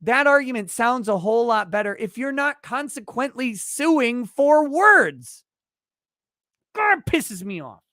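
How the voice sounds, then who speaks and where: A man's voice: very high voice, sing-song, a little slow, pushed and bright, dry recording, clean studio sound. A man hosting a legal commentary livestream who rants in a heated, profane way. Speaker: legal commentary show host.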